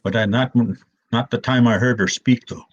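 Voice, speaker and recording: An older man, an elder telling stories in a gentle, slow way, often restarting his words, with a husky voice. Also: mid-range voice, fairly even intonation, lo-fi sound, a little hiss or hum. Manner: soft, slow and repetitive, with many restarts. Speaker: elder storyteller. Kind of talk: gentle storytelling talk.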